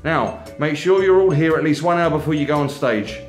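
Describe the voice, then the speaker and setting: A man voicing a brisk, bossy woman who organises a festival, reading a comedy novel aloud in an echoey room. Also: on the high side, faint music behind, voice pushed up, natural voice. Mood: angry. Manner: brisk, commanding, raised voice.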